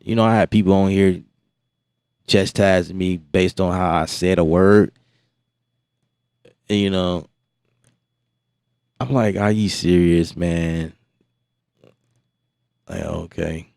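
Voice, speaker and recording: An American man hosting a beat-making livestream, chatting casually in an animated, exasperated way and often repeating his words. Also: deep voice, slow, creaky, long pauses, no room sound, studio quality. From United States.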